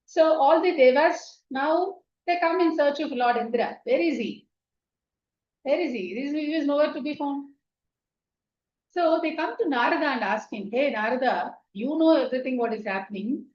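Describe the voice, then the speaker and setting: A woman telling a spiritual story as a meditation teacher, unhurried and often checking in with "right?", recorded distant and echoey on a dull, lo-fi track. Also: sits high, animated, a little mellow.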